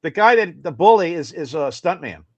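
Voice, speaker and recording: A man's voice: a little high, moderate pace, dry recording. Older man telling rambling stories. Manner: rambling, animated storyteller. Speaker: guest musician. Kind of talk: casual anecdotal interview.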